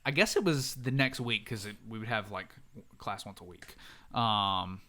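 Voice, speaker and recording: A man hosting a podcast, telling a story in an animated way, laughing often and swearing freely. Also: lowish voice, moderate pace. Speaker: podcast host.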